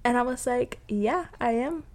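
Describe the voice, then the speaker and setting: A young woman co-hosting a podcast, telling stories in an animated, laughing, casual way with plenty of swearing. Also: fairly high pitch, normal speed. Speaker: podcast co-host. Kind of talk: casual chat. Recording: faint background noise.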